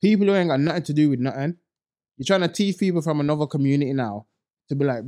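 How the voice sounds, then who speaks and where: A blunt man holding forth on a podcast, his fairly high voice rising as he mocks people in squeaky put-on voices. He speaks with heavy street slang and a frank, fed-up edge. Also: fast talker, mellow. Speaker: podcast co-host. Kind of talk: casual podcast chat.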